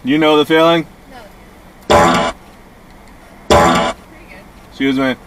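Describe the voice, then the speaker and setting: A man's voice: medium pitch, big pitch swings, takes it slowly. A man chatting casually outdoors, giggling and laughing through his words. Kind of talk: casual joking chat. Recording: noisy outdoor recording.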